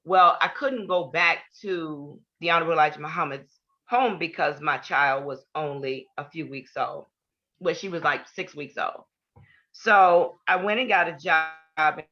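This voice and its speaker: An older woman giving an earnest personal testimony in an interview, repeating key points for emphasis. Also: low-pitched. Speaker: guest. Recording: dull lo-fi podcast audio.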